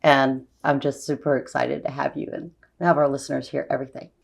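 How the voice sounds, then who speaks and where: A woman's voice: extremely low pitch, flat delivery, a little fast, vocal fry. A woman hosting a podcast interview, gushing and enthusiastic, with lots of filler words. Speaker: podcast host. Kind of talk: casual interview chat.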